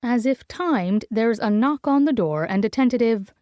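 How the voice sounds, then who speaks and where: A woman's voice: fairly high pitch, animated, moderate pace, darkish tone, dry recording. Brief: young woman, first-person romance audiobook narrator, dry close mic.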